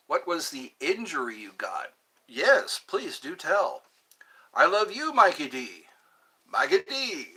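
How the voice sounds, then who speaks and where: Animated, bright-voiced livestream host man. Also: on the high side, husky. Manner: chatty, animated, stumbles and repeats words. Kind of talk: casual live-stream chat reading viewer comments.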